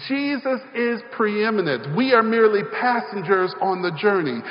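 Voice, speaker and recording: Delivering a sermon in a church sanctuary, this pastor speaks at normal speed in a high-pitched, expressive voice. His call-and-response rhythm climbs in emphasis, and the recording carries an echoey, somewhat dull hall sound.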